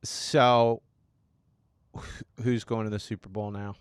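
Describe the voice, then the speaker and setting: A man's voice: on the low side, flat delivery, slow, clear, resonant tone, no room sound. A man co-hosting a casual fantasy football podcast, dry and teasing as he steers the talk. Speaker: podcast co-host. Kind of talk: casual sports chat.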